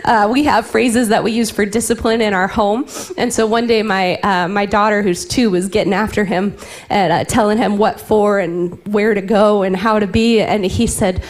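A woman's voice: mid-range voice, steady tone, normal speed. A woman in her thirties preaching a sermon, telling playful family stories and dropping into whispers for effect. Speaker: pastor.

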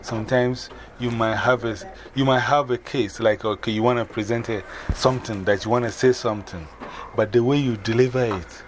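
A man from Ghana talking in a measured, advising way in casual chat, recorded in a noisy room. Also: mid-range voice, steady tone.

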